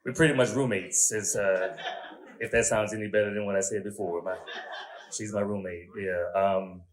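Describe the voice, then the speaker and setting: A man's voice: fairly low pitch, steady tone, moderate pace. A man in his thirties working a stand-up crowd. He talks in an easy, conversational way, leans into crude punchlines, and keeps tossing short asides to the audience. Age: 30s. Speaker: stand-up comedian. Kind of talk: stand-up comedy set.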